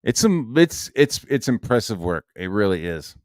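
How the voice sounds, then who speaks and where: A man's voice: fairly low pitch, big pitch swings, normal speed, a little mellow, no echo, studio quality. A man ranting in a heated, profane and sarcastic monologue. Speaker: online commentator.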